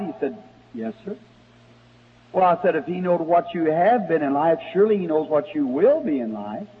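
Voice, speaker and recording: A man preaching in a folksy, storytelling way, his voice a little husky and somewhat high. The old recording sounds tinny and phone-like, with a long reverb from a large hall. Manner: folksy storytelling preacher, rises to excited shouting. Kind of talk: sermon storytelling.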